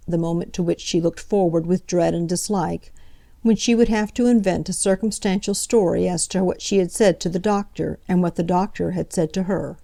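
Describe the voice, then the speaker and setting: A woman narrates a classic novel for an audiobook in a calm, measured manner. Her voice is fairly low and carries some vocal fry.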